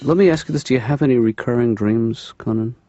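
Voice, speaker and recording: A middle-aged man voicing a mild-mannered therapist, speaking softly in a dry, deadpan way. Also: medium pitch, fast talker, no room sound, soft background music, lightly acted. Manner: soft-spoken, dry, deadpan. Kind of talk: animated sitcom voice acting. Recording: dull lo-fi sound, dry.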